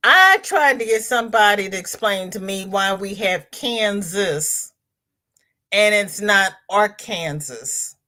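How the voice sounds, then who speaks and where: A woman chats through a relaxed crafting livestream. She talks slowly and rambles, reading comments aloud and laughing easily along the way. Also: medium pitch. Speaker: crochet channel host reading live chat. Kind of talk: casual livestream chat.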